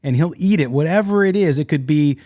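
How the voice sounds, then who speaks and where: A man co-hosting a sports podcast, talking casually and jokily with quick asides and restarts. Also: on the high side, mellow, no room sound, clean studio sound. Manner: rambling, jokey, quick asides. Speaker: podcast co-host.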